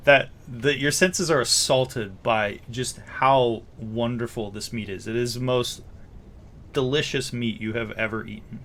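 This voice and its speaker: A man narrating a tabletop game as game master, describing scenes with many pauses and fillers. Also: mid-range voice, a bit bright, slight background noise.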